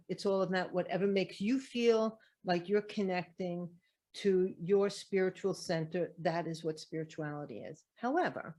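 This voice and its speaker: Woman, middle-aged, spiritual teacher, earnest, rhetorical questions, medium pitch. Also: darkish tone. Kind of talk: motivational spiritual talk to camera.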